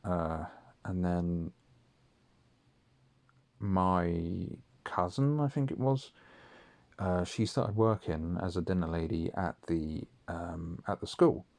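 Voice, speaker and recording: A man's voice: deep voice, slow, creaky, long pauses, darkish tone. A man telling a story from his school days in a rambling, sweary, casual monologue with many ums. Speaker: audio diarist.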